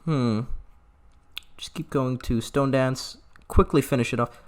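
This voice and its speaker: Male gaming host, mid-pitched, sarcastic let's-play delivery with hammy mock grief. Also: measured pace.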